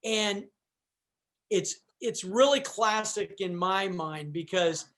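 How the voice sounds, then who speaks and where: A man's voice: sits high, slow, a bit bright. A man, a guest on a chat show, telling a long personal story in a loose, rambling way, full of restarts and asides. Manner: rambling, with restarts and "you know". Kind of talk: casual storytelling.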